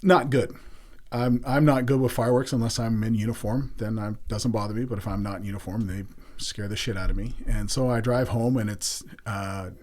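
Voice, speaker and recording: Husky low-voiced middle-aged man. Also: steady tone, fairly quick, a little mellow. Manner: candid, earthy, emotional retelling. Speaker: podcast guest. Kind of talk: personal storytelling.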